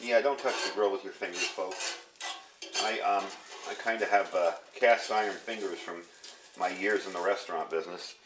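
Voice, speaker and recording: A man's voice: low voice, moderate pace, slight background noise. A man in his fifties chatting casually as he walks through a cooking demonstration. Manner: chatty, relaxed, talks while cooking. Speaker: home cook.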